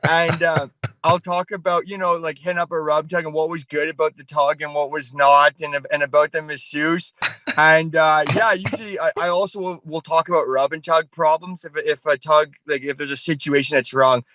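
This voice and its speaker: A Canadian man talks as a podcast guest in a high, bright voice. He rambles and swears nonstop in loose, crude chat. The sound is dry and close to the mic. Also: level tone, moderate pace, dry recording. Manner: profane, rambling, ranting.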